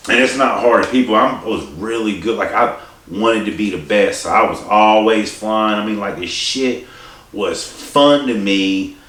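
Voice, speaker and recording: A man's voice: fairly low pitch, measured pace, fairly bright tone. A man telling a story in a casual, rambling, profane way, with many restarts and asides. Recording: echoey room, distant mic, faint hiss.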